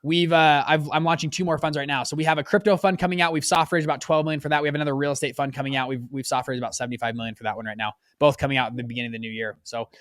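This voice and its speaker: A man in his twenties, a guest on an interview podcast, telling his story in a lively, casual way and jumping up in pitch when he acts out quotes. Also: racing, hardly any pauses, dry recording. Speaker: podcast guest, fund manager.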